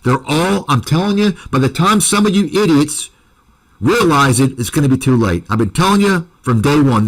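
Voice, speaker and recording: A man with a voice pitched a touch above the usual speaks in a heated rant aimed straight at his viewers. He is combative and accusatory and hammers the same insults again and again. This is a host's commentary monologue. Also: sing-song, normal speed, poor audio. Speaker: commentary channel host.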